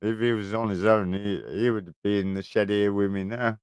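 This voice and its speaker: A man's voice: fairly low pitch, level tone, normal speed, darkish tone, clear, resonant tone, no echo. A man, chatting casually on a livestream from his shed, telling rambling stories full of swearing. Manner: rambling storytelling, heavy swearing. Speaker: livestream host. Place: garden shed.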